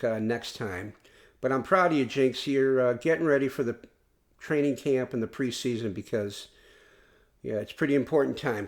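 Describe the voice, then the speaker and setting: A man's voice: mid-range voice, a little mellow. A man hosting a casual solo podcast, talking in an earnest, rambling way and often restarting his sentences. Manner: rambling, earnest fan talk with frequent restarts. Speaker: podcast host.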